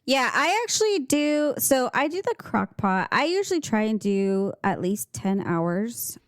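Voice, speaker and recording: A woman's voice: a little high, unhurried, no echo, studio quality. Speak straight and tell it plainly. You're a blunt woman co-hosting a podcast, chatting casually with your sister. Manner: blunt, animated storytelling. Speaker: podcast co-host. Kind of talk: casual chat.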